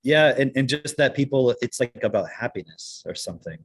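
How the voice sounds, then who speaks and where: A man's voice: medium pitch, expressive, brisk, slightly rough. A man chatting casually on a podcast, telling stories in a rambling way with many restarts. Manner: rambling anecdotal storyteller, frequent restarts. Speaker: podcast co-host.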